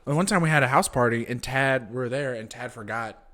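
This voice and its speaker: This male podcast co-host, speaking a little fast with a medium-pitched, bright, forceful voice, is a loose storyteller in casual chat who says "dude" and "like" a lot and swears freely.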